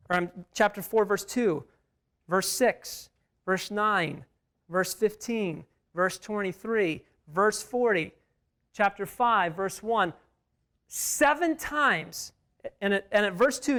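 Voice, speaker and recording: A man's voice: high-pitched, fairly bright tone. Emphatic man teaching a Bible study. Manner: emphatic, repeats key words and questions the group.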